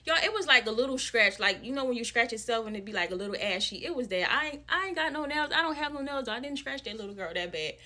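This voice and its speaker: A woman telling a personal story in an animated, slangy, casual way. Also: a little high, fast, few pauses. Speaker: storyteller in a viral video.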